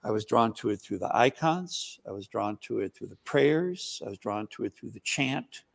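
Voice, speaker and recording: A man's voice: lowish voice, expressive, moderate pace, gravelly. A man who is a priest, answering interview questions in a rambling, explanatory way with frequent fillers. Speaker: Byzantine Catholic priest.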